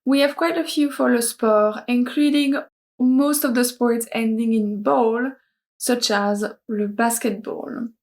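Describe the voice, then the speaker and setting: A woman with a French accent teaches vocabulary at an unhurried pace and pauses to repeat each word clearly. Her voice sits a bit high for a woman. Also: fairly even intonation. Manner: slow, careful, repeats each word twice. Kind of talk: vocabulary lesson with repetition drills.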